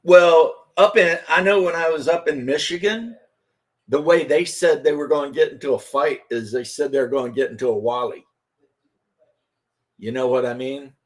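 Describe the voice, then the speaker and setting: A man's voice: on the high side, normal speed. A man in his fifties from Kentucky, hosting a casual chat while crafting and telling rambling anecdotes.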